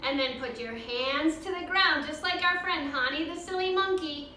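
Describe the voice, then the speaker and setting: A woman's voice: high voice, normal speed, bright, forceful tone, a little hiss or hum. A woman leading a children's yoga class with a cheerful, sing-song, encouraging way of talking. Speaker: kids' yoga teacher. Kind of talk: guided kids' yoga class. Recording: roomy echo from far off.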